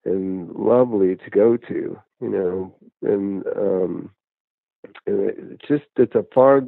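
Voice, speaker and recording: A man's voice: fairly low pitch, gravelly, no echo. Man talking over a tinny phone line. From United States. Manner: rambling, conversational storytelling with many restarts. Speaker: guest, addiction counselor and musician. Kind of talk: casual interview over phone. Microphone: phone call.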